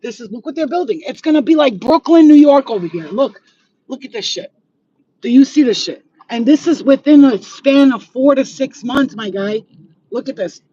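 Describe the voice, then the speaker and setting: A woman's voice: sits high, lively intonation, moderate pace, dark tone, husky, muffled recording. A woman who works as a psychic medium, walking her neighborhood and ranting bluntly with plenty of swearing into a handheld phone. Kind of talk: ranting vlog. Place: outdoors in a residential neighborhood.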